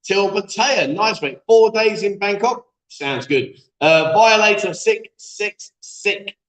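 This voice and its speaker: A man's voice: sits high, animated, slow pace, fairly bright tone. A man hosting a live-stream chat show, bantering and reading viewer comments aloud in a jokey, chatty way. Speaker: host. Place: echoey room being set up as a studio. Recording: echoey room.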